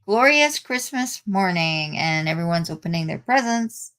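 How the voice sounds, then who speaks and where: A woman's voice: lowish voice, expressive, unhurried, few pauses, fairly bright tone. A woman reading a comic aloud for her channel, casual and unpolished, with asides and restarts.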